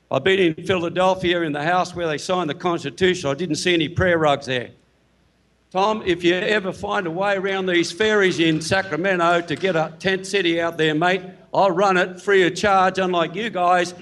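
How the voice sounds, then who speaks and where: A man's voice: high voice, steady tone, moderate pace, fairly bright tone. A man, speaking heatedly and bluntly from the floor at a town hall meeting.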